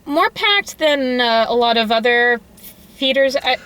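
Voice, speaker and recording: A woman's voice: fairly high pitch, animated, unhurried, bright, forceful tone. A woman co-hosting a casual movie review, mostly giving short agreeing replies. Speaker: co-host.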